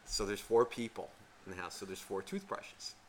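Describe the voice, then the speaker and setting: A man co-hosting a podcast, telling a rambling story in casual chat, profane and animated. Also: fairly low pitch, moderate pace. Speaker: podcast co-host.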